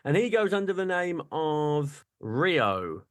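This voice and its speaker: A middle-aged man co-hosting a casual chat, animated and jokey, often breaking into laughter. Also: on the high side, slow pace. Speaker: podcast co-host.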